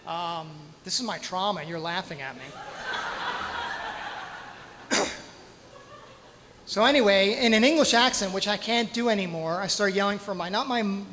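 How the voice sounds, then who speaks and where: A man performing a true story live on stage, dramatic, with pauses, spoken sound effects and self-deprecating humor. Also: sits high, fairly bright tone, a little hiss or hum. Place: stage in a hall at a storytelling night. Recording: hall reverb, faint ambience.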